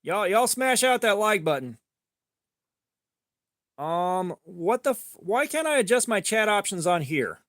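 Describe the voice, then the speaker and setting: High-voiced man telling a rambling story. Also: unhurried, pauses often, dry recording, studio quality. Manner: rambling, profane, animated in quoted dialogue. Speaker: livestream host. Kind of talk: casual storytelling on a livestream.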